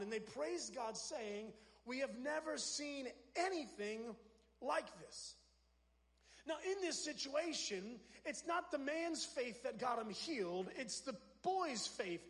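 A man preaching a sermon as pastor, energetic, swinging between loud shouted lines and soft drops. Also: extremely high pitch, in a large hall. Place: church sanctuary.

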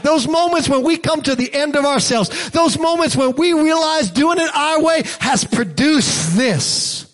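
Preacher guy with a really high voice, repeats lines, builds up to shouting. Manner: preaching with dramatic acted-out scenes and shouted peaks; rhythmic repetition, builds to loud climaxes. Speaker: pastor. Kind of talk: sermon.

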